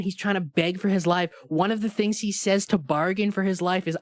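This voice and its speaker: A man's voice: high voice, fairly even intonation, fairly quick, no room sound, clean studio sound. A man co-hosting a casual movie review podcast, talking enthusiastically and rambling with many restarts. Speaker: podcast co-host. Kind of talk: casual film review chat.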